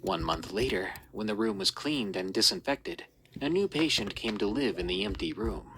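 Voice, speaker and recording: A man's voice: lowish voice, sing-song, normal speed, pushed and bright, a little hiss or hum, low-quality recording. A man narrating a scripted horror story in a dramatic, suspenseful reading.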